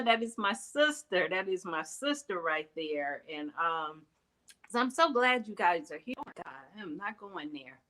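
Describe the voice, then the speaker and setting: A woman's voice: lowish voice, fairly bright tone, poor audio. A middle-aged woman hosting a heartfelt motivational talk, earnest and candid, with emphatic rises in her speech. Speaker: host.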